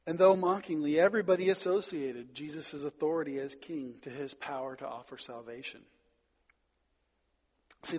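A man preaching a sermon, stressing words loudly and then dropping quiet. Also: mid-range voice, big-room sound. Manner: emphatic, swings between loud stresses and quiet drops. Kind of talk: sermon with Bible reading.

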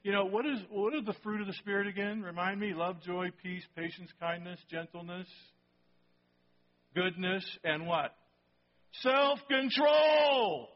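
A man's voice: high voice, steady tone, normal speed, muffled recording. A male pastor preaching a sermon in church. He talks conversationally to the congregation and keeps checking in with "okay?" and "right?".

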